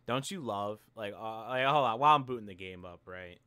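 A man's voice: on the low side, expressive, brisk, pushed and bright, clean tone. Frustrated man ranting over gameplay. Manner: ranting, frustrated, swears often; repeats and restarts phrases. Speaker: gaming video creator. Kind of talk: live gameplay commentary.

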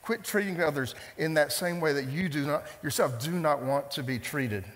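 A man's voice: on the high side, moderate pace, a bit bright, long reverb tail. A man preaching a sermon, emphatic, repeating phrases and putting questions to the congregation. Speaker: pastor.

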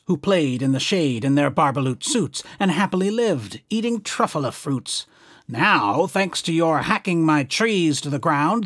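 Grumpy little forest guy scolding in a croaky voice, pitched way up, dry sound, man doing it. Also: fairly bright tone, dry recording. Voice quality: croaky, coughing. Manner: snappish, scolding. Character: grumpy small male forest creature, scolding.

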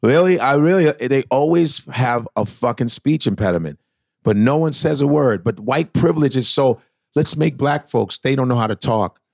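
A man talking as a guest on a comedy podcast, emphatic and a little profane, often slipping into quick mimicked voices. His voice sits at an ordinary middle pitch. The sound is dry and close, with no room around it. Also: gravelly, no room sound. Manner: animated, breaks into mimicked voices. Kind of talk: casual chat.

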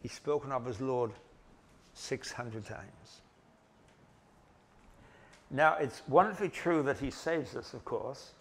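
A man giving a Bible lecture in a conversational way, pausing and restarting, with gentle self-deprecating humor. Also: medium pitch, gravelly. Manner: halting, with restarts and pauses. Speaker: Bible teacher.

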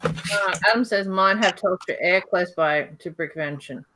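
An Australian woman with a bright, clear tone hosts a relaxed livestream from her couch. She chats easily and reads viewer questions aloud. A faint hiss runs under her voice. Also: lowish voice, moderate pace. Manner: chatty, reads out viewer questions, laughs often. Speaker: livestream host. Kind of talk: casual livestream chat. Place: home couch.

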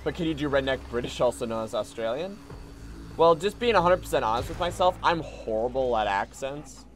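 A man streaming a game, giving casual, excitable commentary, swearing at enemies and mocking himself. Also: medium pitch, fairly quick, a little hiss or hum.

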